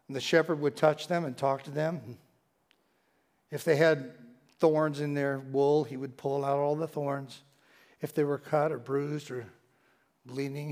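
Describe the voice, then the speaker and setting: A man preaching a sermon, telling stories with strong emphasis that drops into hushed, quiet passages. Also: on the high side. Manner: animated storytelling, swings from loud emphasis to hushed tones. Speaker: pastor. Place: church sanctuary.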